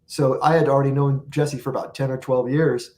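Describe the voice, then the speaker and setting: A man's voice: mid-range voice, steady tone, brisk, a little mellow, slight background noise. A man as the guest on an interview show, telling long rambling anecdotes and acting out what people said. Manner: rambling anecdotes with acted-out quotes. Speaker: guest musician. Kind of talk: storytelling interview.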